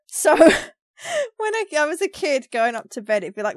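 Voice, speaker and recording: A high-voiced woman with a London Cockney accent co-hosts a podcast, her pitch swooping wildly as she takes her time. She chats casually, laughing often and explaining things through examples. The recording is dry, with no room sound.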